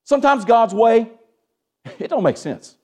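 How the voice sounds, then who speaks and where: A man preaching a sermon as pastor, asking the congregation for amens and dropping from raised, urgent lines to hushed ones. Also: very high-pitched, sing-song, a little slow. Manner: Southern-tinged preaching with call-and-response "amen?", swings from hushed to raised.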